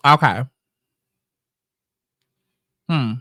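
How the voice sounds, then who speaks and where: Animated New York man ranting. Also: a little high, normal speed, no room sound, clean studio sound. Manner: blunt, animated, swears freely. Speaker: commentary host. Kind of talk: casual commentary chat.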